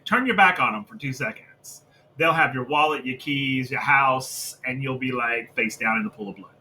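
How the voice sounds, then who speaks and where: A man with a bright, mid-range voice co-hosts a wrestling review podcast, ranting heatedly about a storyline with plenty of profanity in forceful tones. It's casual review chat on a low-quality recording with slight background noise.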